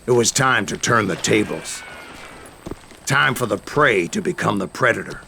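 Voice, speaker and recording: Old gunslinger narrator, gravelly, drawling, boastful, lively swings, noisy game audio. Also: male voice, on the low side, moderate pace. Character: aging boastful bounty hunter telling tall tales. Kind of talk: video game storytelling narration.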